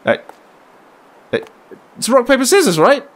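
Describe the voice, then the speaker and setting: Lively man narrating gameplay. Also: extremely high pitch, moderate pace. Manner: chatty, joking, reacts out loud. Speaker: gaming YouTuber. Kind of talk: let's play commentary.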